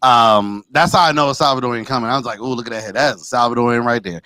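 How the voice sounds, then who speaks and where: Animated man. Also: mid-range voice, quick pace, no echo. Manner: animated, rises to shouting when teased. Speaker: podcast co-host; teacher. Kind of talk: casual banter.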